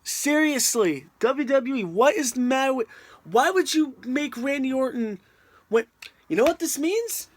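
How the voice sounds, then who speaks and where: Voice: high voice, lively intonation, measured pace, dry recording. A video reviewer ranting in an exasperated, emphatic way, often repeating the same point. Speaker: wrestling reviewer on a video channel.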